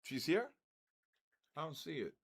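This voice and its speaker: A man's voice: fairly high pitch, big pitch swings, measured pace, husky. An older man hosting a live trading stream, reading out usernames and calling them in the style of an auctioneer. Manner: auctioneer-style calls, loud shouts of "next".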